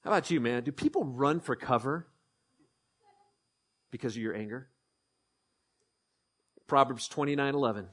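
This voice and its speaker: This pastor's medium-pitched voice is fairly bright with a breathy edge, his intonation lively and his pace moderate with frequent pauses. He preaches conversationally, questioning the audience and acting out the scripture as he reads it.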